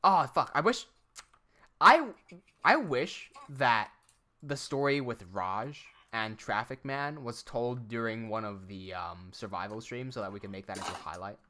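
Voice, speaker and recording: Bright-voiced man chatting on stream. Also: medium pitch, unhurried. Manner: animated, profane, laughs often. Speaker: live streamer. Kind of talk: casual live-stream chat.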